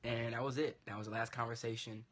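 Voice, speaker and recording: A man's voice: mid-range voice, fast talker. A man casually telling a long story to a co-host, acting out the voices of the people in it. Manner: animated, acts out quoted dialogue.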